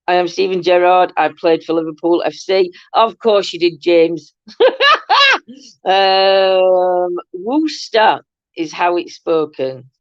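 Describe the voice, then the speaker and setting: Hosting a casual live stream, a woman with a fairly low voice rambles and chats, laughing often. The sound is dull, dry and lo-fi, with no echo.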